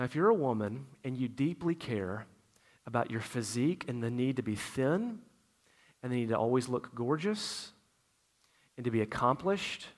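A middle-aged pastor with a mid-range voice preaches conversationally, swinging between loud emphasis and quiet asides.

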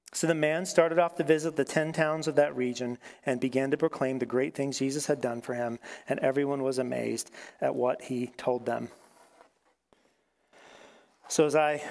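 A male pastor preaching a sermon and reading scripture aloud, talking in a conversational, animated way and putting questions to the congregation. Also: on the high side.

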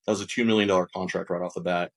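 Man with a somewhat low voice, business-owner podcast guest, animated storyteller who restarts and repeats his words. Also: very fast. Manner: animated, acts out quoted dialogue. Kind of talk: conversational storytelling.

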